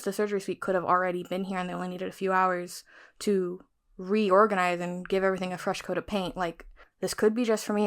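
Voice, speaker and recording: A woman's voice: medium pitch, fairly bright tone. A young woman vlogger casually recapping a thriller novel, chatty and frank, cursing freely. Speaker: book vlogger. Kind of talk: casual chat retelling a novel.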